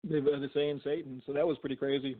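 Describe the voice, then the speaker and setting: A man's voice: mid-range voice, level tone, fast talker. A middle-aged man, a guest, telling stories casually and rambling, with lots of "you know" and restarts. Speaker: guest, physician and paranormal investigator. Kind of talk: casual storytelling in a phone interview. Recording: tinny phone line.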